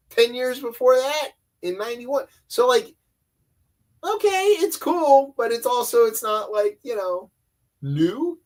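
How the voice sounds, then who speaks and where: A man co-hosting a comedy news podcast, talking in a sarcastic, rambling way. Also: very high voice. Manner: sarcastic, rambling, does mocking voices. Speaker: podcast co-host.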